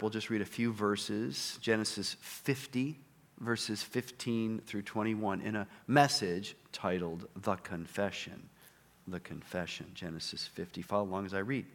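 Male pastor, conversational sermon, lively pitch, gets louder on scripture readings. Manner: conversational preaching with fillers and "okay?" checks; reads scripture louder and higher.

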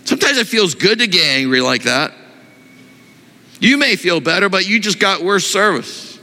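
Pastor guy preaching, bright slightly high voice, echoey hall. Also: moderate pace. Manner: animated, questioning the congregation. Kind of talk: sermon.

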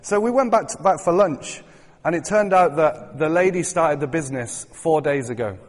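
A man's voice: on the high side, lively intonation, moderate pace. A man preaching a sermon as a guest speaker in a church, chatty and joking, rising into fervent appeals to the congregation. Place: church hall. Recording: long hall reverb.

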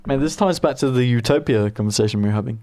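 A young Englishman with a gravelly, creaky edge to his voice, chatting loosely as a podcast co-host. He talks, joking around and reacting as he watches a show, a little drunk. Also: medium pitch, fast talker, dark tone. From England. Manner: chatty, jokey, slightly drunk. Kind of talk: casual chat watching a TV show.

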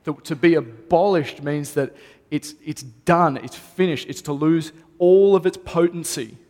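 A man's voice: a little high, measured pace, darkish tone. A man, a pastor, preaching a sermon earnestly and repeating key phrases for emphasis. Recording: long reverb of a hall.

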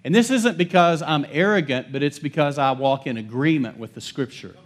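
A man preaching a sermon as pastor. He calls for responses from the congregation, and his delivery swings between loud declarations and soft, hushed lines. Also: fairly high pitch. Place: church service.

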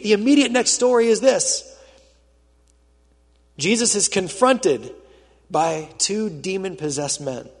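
A male pastor preaching a sermon, telling the story dramatically and swinging from loud, urgent passages to hushed ones. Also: high-pitched. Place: church auditorium with a screen. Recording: reverberant hall.

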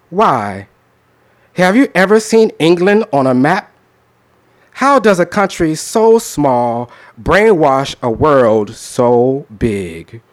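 A man in a slightly higher register than most, riffing casually with a crowd before sliding into a spoken word poem. His delivery is rhythmic and emphatic, with pointed pauses between lines. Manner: conversational with laughter, then rhythmic performed delivery. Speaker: poet. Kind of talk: spoken word poetry reading.

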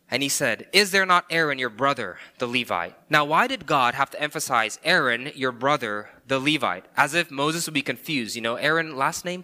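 In a bright, forceful mid-range voice, a man gives a sermon with real emphasis. As a pastor, he leans on rhetorical questions and frequently says "okay" and "right."

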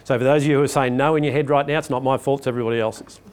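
A man's voice: mid-range voice, fairly even intonation, racing, a little mellow, a little hiss or hum. An older man, a public speaking coach, giving a chatty motivational talk to a live audience and asking it questions.

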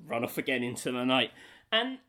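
A man in casual chat, telling an animated story with many fillers and frequent laughter. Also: medium pitch, brisk.

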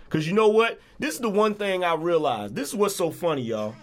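Man ranting angrily with a high voice. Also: very animated, a little fast, few pauses. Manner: profane, repetitive, confrontational ranting. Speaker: livestream host. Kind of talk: angry livestream rant.

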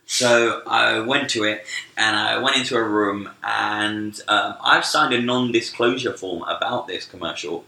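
A British man co-hosting a podcast, telling an animated, self-mocking story in casual chat. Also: on the low side, unhurried, vocal fry, reverberant, rough recording. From Britain. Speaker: podcast co-host.

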